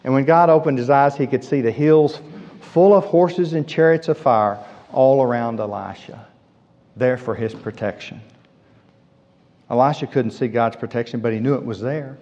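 A man's voice: mid-range voice, moderate pace, a little mellow. A man preaching a sermon, emphatic, repeating his key phrases for weight. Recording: dull lo-fi sound with long hall reverb.

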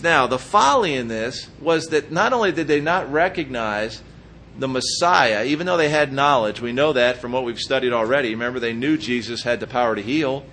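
A man preaching a sermon, walking the congregation through Bible passages with lively asides and acted-out quotes. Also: mid-range voice, moderate pace, a little hiss or hum. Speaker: pastor.

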